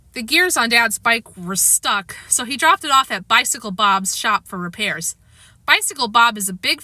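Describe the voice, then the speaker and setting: Bright, expressive woman reading aloud. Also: a little high, dry recording. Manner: expressive, storytelling. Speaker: audiobook reader. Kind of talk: reading a children's chapter book aloud.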